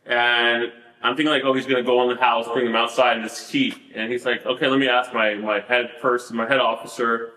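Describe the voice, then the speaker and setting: A man tells his story in a bright, forceful voice, animated and laughing, with fillers everywhere. The sound has a roomy echo around it. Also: medium pitch, brisk, few pauses. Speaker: podcast guest. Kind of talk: casual storytelling interview.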